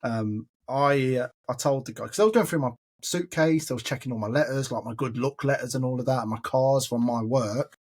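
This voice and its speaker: A man's voice: mid-range voice, a little fast, hardly any pauses, darkish tone, slightly rough. An Englishman hosting a podcast, chattily telling stories and calling his listener mate. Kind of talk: casual storytelling chat.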